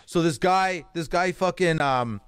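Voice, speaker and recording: Brief: male guest telling a story, a touch high-pitched, dry close sound, profane and animated. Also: unhurried, smooth, no echo. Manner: profane, animated, acts out voices in his stories. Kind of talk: casual storytelling.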